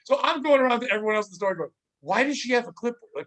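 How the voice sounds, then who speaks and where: A man hosting a casual comedy podcast, rambling through work stories with animated retellings. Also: very high voice, rapid-fire. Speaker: podcast host.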